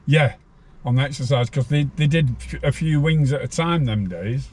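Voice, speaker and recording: A man's voice: mid-range voice, moderate pace, a little mellow. An older man from northern England, a guest telling stories from his time in prison in a blunt, casual way, swearing freely. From Farnworth, northern England. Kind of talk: casual storytelling interview.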